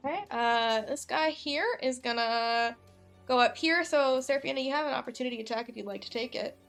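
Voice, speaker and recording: A woman's voice: sits high, a little fast, a bit bright, soft background music. Young woman as a casual, rambling game master. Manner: casual, narrates with fillers. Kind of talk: tabletop game narration.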